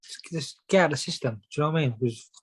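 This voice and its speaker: Fast-talking young boxer, matey. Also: male voice, on the high side, slight background noise, poor audio. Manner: rapid, says "mate" and "do you know what I mean" constantly. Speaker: professional boxer guest. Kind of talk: casual podcast chat.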